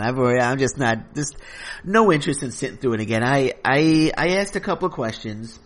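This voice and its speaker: A man's voice: medium pitch, animated, fairly quick, fairly bright tone. Rambling New man hosting a podcast. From Flushing, Queens, New York. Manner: rambling, hesitant, full of restarts. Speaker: podcast host. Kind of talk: casual comedic monologue.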